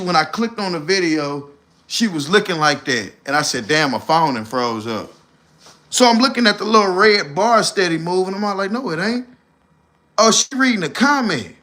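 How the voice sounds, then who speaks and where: A man roasting people on his livestream, animated and loud at times. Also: high voice. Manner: animated, shouting impressions. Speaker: streamer host.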